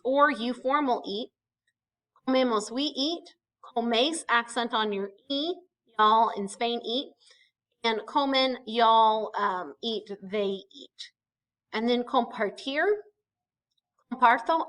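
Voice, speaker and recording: Lady teacher talking through a recorded lesson, kinda high voice, lots of okays and ums. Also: fairly bright tone, low-quality recording. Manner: explains step by step with frequent "okay" and "um". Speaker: Spanish teacher.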